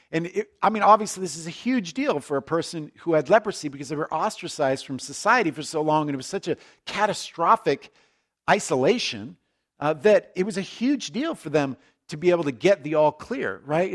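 Man, pastor, conversational sermon, higher-pitched voice, joking asides, frequent restarts.

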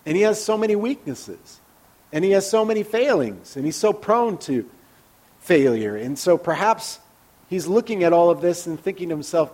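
A man preaching a conversational sermon as a pastor, candid and personal, often dropping into soft, hushed asides. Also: high-pitched, sing-song, moderate pace.

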